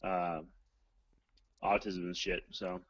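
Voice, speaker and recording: A man's voice: deep voice, level tone, slow, a bit bright, dry recording. A man calling in to a talk show, rambling and joking crudely. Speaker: caller guest. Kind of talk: casual phone chat. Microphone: phone line. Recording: dull lo-fi phone line.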